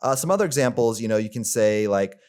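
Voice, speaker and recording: A man's voice: medium pitch, lively intonation, fast talker, a little mellow. A man coaching on dating in a rambling, casual way, full of fillers and the odd swear word. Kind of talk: casual coaching monologue to camera.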